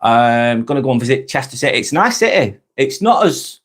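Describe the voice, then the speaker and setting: A man's voice: mid-range voice, very animated, fairly quick. English man swearing through casual live chat. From England. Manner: swears freely, rambling and repetitive. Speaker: live vlog host.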